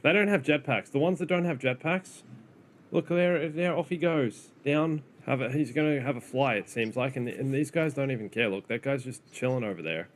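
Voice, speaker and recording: A man's voice: mid-range voice, moderate pace, a little hiss or hum. An Australian man streaming a video game, chatting wryly to viewers as he plays. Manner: chatty, wry, talks to viewers while playing. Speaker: streamer, host. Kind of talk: casual gameplay commentary.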